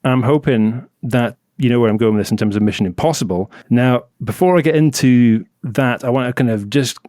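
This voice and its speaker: A man's voice: mid-range voice, a little fast, no room sound. Chatty Scottish man, dry close mic. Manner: chatty, laughing, animated storyteller. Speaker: podcast guest. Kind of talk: casual podcast chat.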